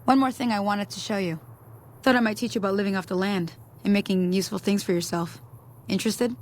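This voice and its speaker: Folksy frontier woman, voiced by an actress, video game, mid-pitched voice, easygoing, encouraging. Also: fairly even intonation, quick pace, natural voice. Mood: friendly. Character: friendly frontier woman guiding a newcomer.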